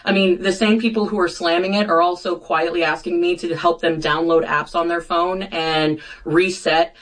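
A woman's voice: fairly low pitch, steady tone, normal speed. A woman guest on a political talk show, a congresswoman speaking bluntly with sarcastic jabs.

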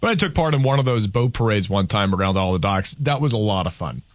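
A man with a voice on the low side hosts a call-in radio talk show from a studio, speaking quickly and with animation into a studio microphone. He rambles playfully in casual chat, joking at his own expense, with no room sound.

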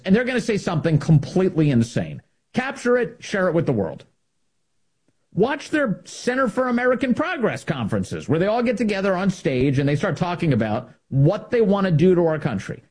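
A man's voice: on the high side, a little mellow, husky. A man giving an opinionated political monologue, emphatic and repeating key phrases for effect. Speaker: political commentator.

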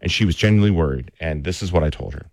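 Deep-voiced man hosting radio talk. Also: very fast. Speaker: radio show host. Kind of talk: casual chat, storytelling.

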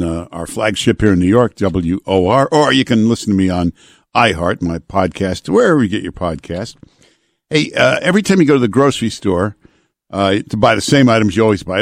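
A male radio talk show host chatting casually and reading ads live in a studio, unhurried and full of filler uhs. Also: on the low side, dry recording.

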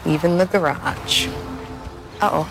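A woman's voice: low-pitched, a little slow, creaky, music in the background. A woman playing a sly, teasing gossipy neighbor in a comedic commercial. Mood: sly gossip. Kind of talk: comedic ad acting.

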